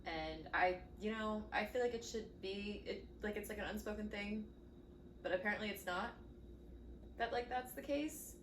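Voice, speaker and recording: A young woman co-hosting a podcast in casual chat, halting and filler-heavy, agreeing along. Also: mid-range voice, fairly bright tone. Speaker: podcast co-host. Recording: roomy, mic at a distance, faint hiss.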